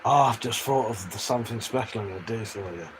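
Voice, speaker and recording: A fast-talking man from England with a lowish voice banters crudely and casually on a live stream. Faint noise sits in the background as he reads chat messages aloud and laughs often.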